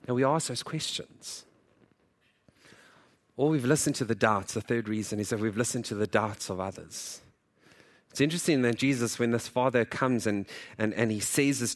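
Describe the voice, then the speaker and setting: Pastor, male, slightly high voice, animated sermon delivery that swells and drops, casual asides. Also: normal speed. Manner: animated preaching, voice swelling and dropping for emphasis; conversational, acts out quoted voices.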